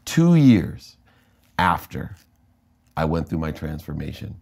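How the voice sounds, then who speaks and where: A middle-aged American man with a low, mellow voice recounts his own story in conversation. He tells it with energy, shifting into the voices of people he quotes. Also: big pitch swings, takes it slowly, gravelly, breathy edge. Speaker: interview guest, entrepreneur.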